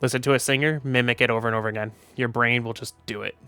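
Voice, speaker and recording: Sleepy streamer guy rambling offhand, bright clear voice, dry close mic. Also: medium pitch, steady tone, rapid-fire, no room sound, faint music behind. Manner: rambling, offhand, swears casually. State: tired, sleepy. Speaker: VTuber streamer. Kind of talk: casual stream chat.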